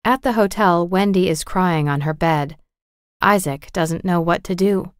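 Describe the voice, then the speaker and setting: Woman narrator, clear measured storybook reading, low voice, dry close recording. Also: dry recording. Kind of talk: storybook narration for English learners.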